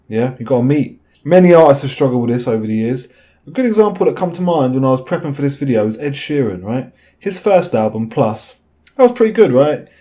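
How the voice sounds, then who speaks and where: A man hosts his own video in a loose, chatty monologue. He wanders off on tangents and keeps asking "right?" Despite the fillers his voice sounds mellow. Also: medium pitch. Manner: chatty, tag questions like "right?", many fillers. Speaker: video host. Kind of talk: rambling casual monologue.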